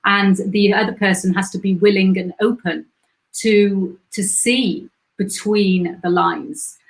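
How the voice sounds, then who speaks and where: Female co-host, mid-pitched voice, reflective casual chat. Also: steady tone, slow pace, gravelly, poor audio. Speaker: talk show co-host.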